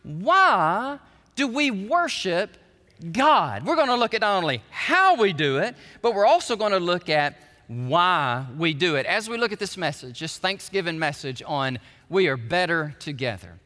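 A pastor preaches with a high, bright voice and big swings between hushed prayer and loud shouts. His delivery is animated and full of movement. The sound carries a long reverb from a large hall. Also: moderate pace. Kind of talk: sermon.

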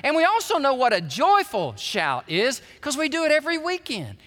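A man, a pastor preaching a sermon, animated and shifting between quiet prayer and loud shouting. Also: very high voice, normal speed. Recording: reverberant hall.

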